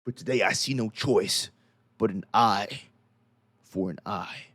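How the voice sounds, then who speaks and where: A man's voice: slow, a bit bright, no echo, studio quality. A man voicing a grieving father in a mob, anguished and grim. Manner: anguished, then low and grim. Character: grieving, vengeful male father.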